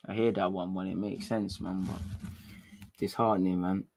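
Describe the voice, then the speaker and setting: A British man from England hosting a casual livestream, chatting in slang, reading viewer comments and talking with animated energy. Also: deep voice, normal speed, gravelly, slight background noise. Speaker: livestream host.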